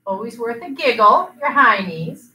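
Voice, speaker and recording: A woman guides children through yoga poses in a bright, high voice, teasing them with silly animal noises. She speaks slowly and patiently, and the sound comes from across an echoey room, far from the mic. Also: lively intonation, a little hiss or hum. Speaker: kids' yoga instructor.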